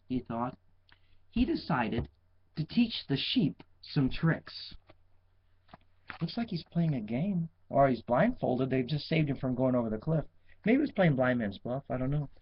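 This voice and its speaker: Male picture-book reader, slow, lively pitch, chatty asides; dull recording. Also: slightly rough. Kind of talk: reading a picture book aloud.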